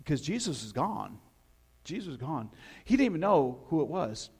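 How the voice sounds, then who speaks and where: Animated preacher telling a story. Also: male voice, on the high side, normal speed, slightly rough. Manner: animated storytelling, questions to the congregation. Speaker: pastor. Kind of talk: sermon.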